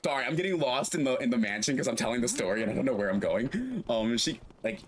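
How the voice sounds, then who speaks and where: A man's voice: medium pitch, sing-song, fast, a crowd in the background. A man streaming a game, casually telling a long story with lots of "like" and acting out the characters' voices. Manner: rambling, full of fillers, acts out quoted voices. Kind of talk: casual storytelling while gaming.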